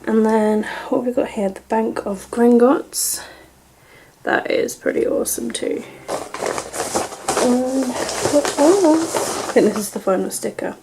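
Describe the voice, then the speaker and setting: A young British woman vlogging an unboxing and book haul, gushing and excitable, sometimes dropping to a breathy whisper of delight. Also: on the high side, a little slow, long pauses, slight background noise, rough recording.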